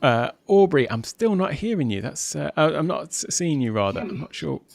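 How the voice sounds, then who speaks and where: A chatty man hosts a relaxed video call. He laughs often and stumbles over his words, and his pitch rises and falls a lot. His voice sounds very dry and close to the mic. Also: normal speed, vocal fry, dry recording. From United Kingdom. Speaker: host. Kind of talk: casual video call chat.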